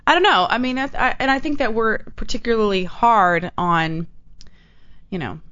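A woman's voice: fairly high pitch, normal speed, fairly bright tone. Chatty teasing woman co-host, dull lo-fi sound. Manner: playful, teasing, chatty, eats while talking. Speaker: radio show co-host. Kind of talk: casual on-air banter.

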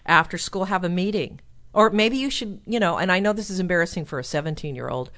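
A woman's voice: on the low side, lively intonation, quick pace, fairly bright tone. A woman hosting a call-in advice show, coaching a caller and suggesting what he could say.

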